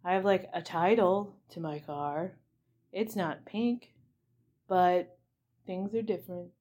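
Young woman host rambling through a funny movie recap, slow and giggly, lots of likes. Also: fairly low pitch, fairly even intonation, dark tone, a little hiss or hum. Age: young adult. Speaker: podcast host.

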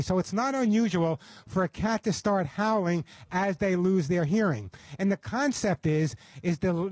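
A man's voice: high-pitched, a little mellow, dry recording. A man hosting a radio call-in show, giving advice in a chatty, folksy way and often repeating his words.

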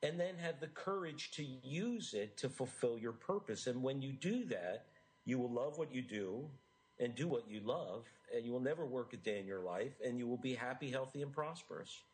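A middle-aged American man gives an eager interview in a voice of ordinary pitch for a man. He is earnest and animated, often restarting his sentences as he pushes his ideas forward. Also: moderate pace, rough recording. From United States. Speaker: author and interview guest. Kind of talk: enthusiastic interview talk.

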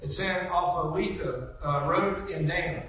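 A woman telling stories in a sermon, chatty and animated, laughing as she goes. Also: fairly low pitch, unhurried, a little hiss or hum. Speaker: preacher. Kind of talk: storytelling sermon. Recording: echoey church hall, mic from a distance.

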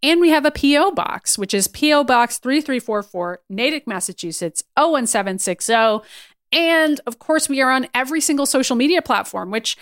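A woman co-hosting a podcast in casual chat, talking quickly and giggling often. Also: sits high, animated, no room sound, clean studio sound. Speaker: podcast co-host.

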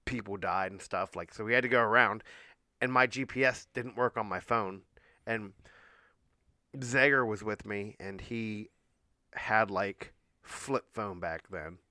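A man's voice: fairly low pitch, measured pace, bright, forceful tone, no echo, studio quality. A man telling a rambling, hesitant story in casual chat.

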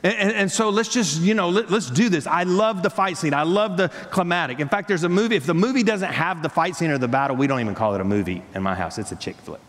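A man's voice: on the high side, expressive, quick pace, hardly any pauses, a bit bright. A man preaching a sermon as pastor, emphatic, repeating words and restarting phrases. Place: church sanctuary. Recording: long hall reverb.

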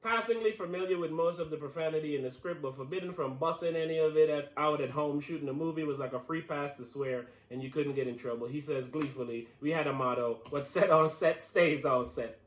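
A man's voice: a little high, fairly quick, hardly any pauses. A man co-hosting a podcast in casual, playful chat, laughing often and using slang. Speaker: podcast co-host. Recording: roomy echoey room.

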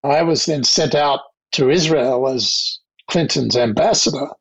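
An older man with an Australian accent, recounting his diplomatic career in a measured, anecdotal interview manner. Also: medium pitch, fairly bright tone, slightly rough, rough recording. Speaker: guest, diplomat. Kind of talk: reflective interview storytelling.

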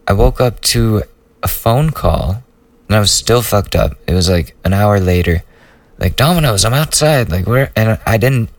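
A man's voice: fairly low pitch, dry recording, distant mic. A young man hosting a solo podcast, rambling loosely through a profane personal story in a casual way. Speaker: podcast host.

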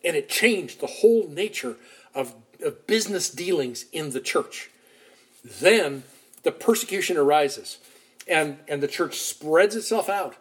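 Animated storytelling preacher, fairly high voice. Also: male voice, measured pace, husky. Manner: animated storytelling, shifting loudness, acts out quotes. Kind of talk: sermon retelling a Bible story.

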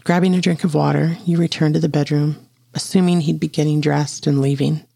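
A storyteller reading an intimate audio story aloud in a slow, steady way. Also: medium pitch, gravelly, dry recording. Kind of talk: scripted narration of an audio story.

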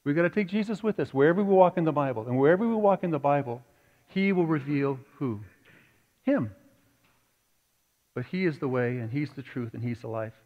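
A man's voice: on the high side, expressive, fast talker, few pauses. Guy preaching in a big echoey church, kinda dull lo-fi sound, earnest and chatty. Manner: earnest, conversational preaching with rising emphasis. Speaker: pastor. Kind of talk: sermon. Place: church sanctuary. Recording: dull recording with long hall reverb.

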